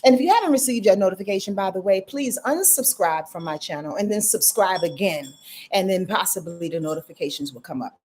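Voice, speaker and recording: A woman's voice: mid-range voice, animated, fairly quick, darkish tone, slight background noise. A middle-aged woman chatting casually as an astrologer hosting a livestream, greeting viewers by name and ranting freely. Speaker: astrologer and channel host.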